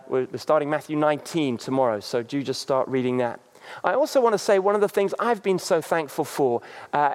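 A man preaching a sermon as a pastor, halting, with many fillers. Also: fairly high pitch, clear, resonant tone. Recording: long reverb.

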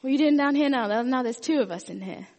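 A woman preaching plays a desperate man stuck in a hole, shouting up and pleading for help. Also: a little high, moderate pace, big-room sound, pitched above the performer's own voice, lightly acted. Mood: exasperated.

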